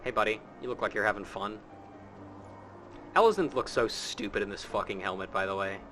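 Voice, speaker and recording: A man's voice: on the low side, a little fast, a bit bright, soft background music. A man hosting a casual game playthrough, sarcastic and swearing freely. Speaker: host reading game dialogue. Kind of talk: casual let's-play commentary.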